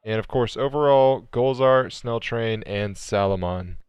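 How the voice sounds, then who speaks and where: A man's voice: medium pitch, a little slow, a little mellow, clear, resonant tone, no echo. Upbeat man commentating a sim race. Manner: playful, jokey banter with co-hosts.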